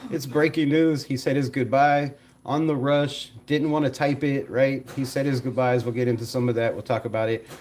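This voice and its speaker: A man hosting a casual live stream, animated, laughing often and talking to his chat. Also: medium pitch, moderate pace, a little hiss or hum.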